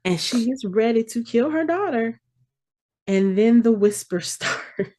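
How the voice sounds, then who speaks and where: A woman's voice: fairly high pitch, lively intonation, a little slow, a little mellow. A woman hosting a podcast, animatedly retelling a TV episode and acting out the characters' lines. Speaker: podcast host. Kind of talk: casual episode recap.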